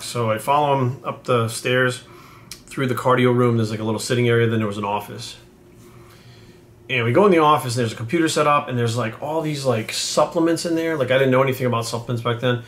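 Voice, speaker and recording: A man's voice: mid-range voice, steady tone, a little fast, a bit bright, a little hiss or hum. Profane rambling man in his forties. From New England. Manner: profane, rambling, many fillers. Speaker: fitness coach. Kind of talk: casual storytelling to camera.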